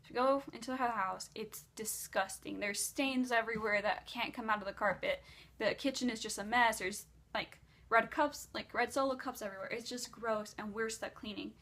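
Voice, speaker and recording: A woman's voice: on the high side, moderate pace, a bit bright. A woman vlogger casually telling a long dream story, rambling with lots of "like".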